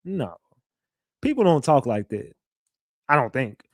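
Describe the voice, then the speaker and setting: A man's voice: mid-range voice, sing-song, normal speed, dry recording, studio quality. A man hosting a casual livestream, talking loosely and profanely, repeating himself and reading viewer messages aloud. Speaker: livestream host.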